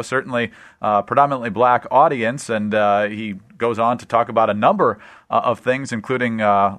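A man hosting a radio interview, asking questions in a measured way with frequent hesitations. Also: mid-range voice, fairly bright tone, no room sound, clean studio sound. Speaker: radio host. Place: radio studio.

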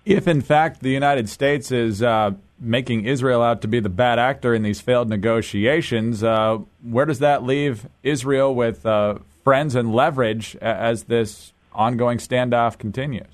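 A man's voice: mid-range voice, steady tone, a little slow, few pauses. Man hosting a news interview. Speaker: interview host.

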